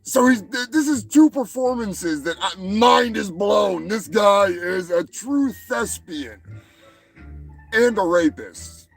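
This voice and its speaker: Male host, high-pitched gravelly voice, slow, profane, rambling, faint music behind. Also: expressive, rough recording. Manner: profane, meandering, stumbles and repeats words. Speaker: show host. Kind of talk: rambling comedic commentary.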